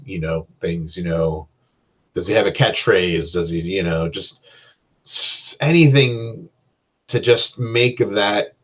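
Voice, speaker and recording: A man hosts a casual solo podcast about running games. His voice sits fairly low and relaxed. He rambles and fills his talk with "um" and "you know," and he pokes fun at himself as he goes. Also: slightly rough, poor audio. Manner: rambling and self-deprecating, with many fillers. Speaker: podcast host and game master.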